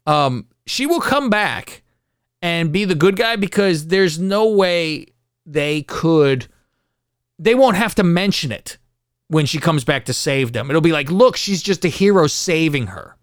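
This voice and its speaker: Guy cohosting a wrestling pod, pitch jumping all over, swears a lot, dry close sound. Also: a little slow, clear, resonant tone, dry recording. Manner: profane, animated storytelling. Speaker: podcast co-host. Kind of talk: casual wrestling recap chat.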